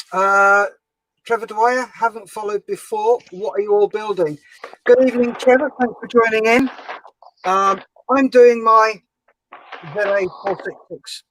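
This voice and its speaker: A man's voice: high-pitched, fairly bright tone, no room sound, rough recording. A man hosting a model-building livestream, bantering and teasing his friends on a group call. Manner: teasing, jokey.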